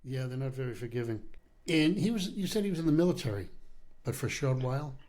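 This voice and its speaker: Male interviewer, quiet short prompts, mid-pitched voice. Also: expressive, fast talker, a crowd in the background. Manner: brief, soft-spoken questions and backchannels. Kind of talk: interview questions.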